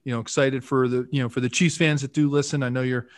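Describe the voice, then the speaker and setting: In a dry, close recording, a chatty man in his fifties from the Philadelphia area spins long stories from his football days. He talks in a loose, rambling way and leans on "you know" again and again, at an ordinary pitch. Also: flat delivery, fast, no echo. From Philadelphia area, USA. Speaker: guest, former pro football player. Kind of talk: casual storytelling interview.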